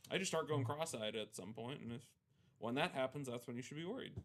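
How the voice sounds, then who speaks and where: A man's voice: mid-range voice, fast. A young man in his twenties co-hosting a live sports card break, chatting casually and telling stories with voiced quotes. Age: 20s. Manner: animated storytelling with voiced quotes. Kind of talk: casual chat.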